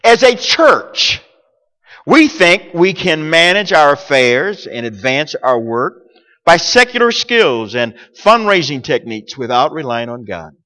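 High, lively preaching man in a hall. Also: measured pace. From United States. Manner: preachy, animated, swings between loud declarations and soft asides. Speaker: pastor. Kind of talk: sermon.

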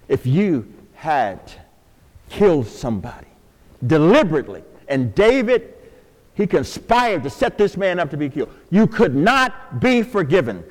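A high-pitched older man delivers a sermon to his church. His voice swings widely between near-whispered pleas and loud, ringing calls, with long reverb from the sanctuary around him. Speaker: pastor.

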